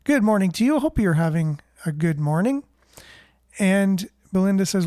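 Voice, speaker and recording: A man hosts a casual news roundup, his voice high and smooth. He talks in a relaxed, rambling way, reading out comments from viewers. The sound is close and dry. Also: normal speed, dry recording. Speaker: host of a local news show.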